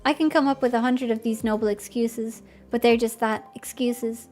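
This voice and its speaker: A woman's voice: a little high, fairly even intonation, moderate pace, darkish tone, close to an everyday voice. A woman reading the lines of a defensive, sardonic young woman from a visual novel, in a blunt and self-mocking way.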